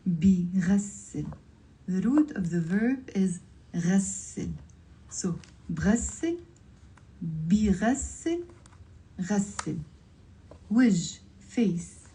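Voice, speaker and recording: A woman teaches Lebanese Arabic vocabulary live, with a Lebanese accent. Her voice is very dark and mellow, and she sits at a middle pitch. She says each word slowly, breaks it into syllables, and repeats it. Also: expressive, poor audio. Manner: slow, careful word-by-word pronunciation drills. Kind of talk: vocabulary lesson on a livestream.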